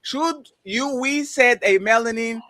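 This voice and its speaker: Higher-pitched male co-host, animated, rhetorical, casual. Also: unhurried. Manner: animated, laughing, repeats rhetorical questions. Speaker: podcast co-host. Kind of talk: casual discussion.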